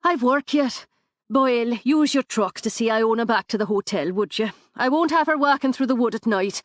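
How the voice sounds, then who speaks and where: A woman narrator voicing a forthright witch, brisk and commanding. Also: a little high, dry recording, clean studio sound, pitched above the performer's own voice, natural voice. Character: sharp-tongued Irish witch, forthright.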